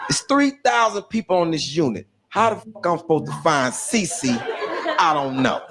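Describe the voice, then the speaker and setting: A man's voice: high-pitched, normal speed, creaky. A man telling a stand-up comedy story, voicing the people in it and laughing through his lines. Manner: animated, voices other inmates, laughs through lines.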